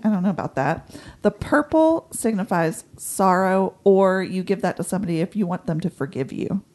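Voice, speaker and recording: A woman's voice: medium pitch, expressive, moderate pace, a little mellow. A woman co-hosting a book podcast, explaining word meanings in a casual, nerdy way. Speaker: podcast co-host. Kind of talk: casual chat.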